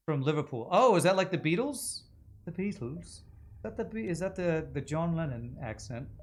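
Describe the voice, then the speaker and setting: A man's voice: a little high, animated, normal speed. A man streaming a video game, chatting casually with viewers and musing aloud about voices and accents as he plays. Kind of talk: casual gaming livestream chat.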